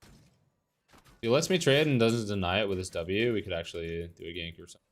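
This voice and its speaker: A man's voice: low-pitched, animated, brisk. A young man streaming a competitive game and commenting live, frustrated, swearing and ranting about his teammates.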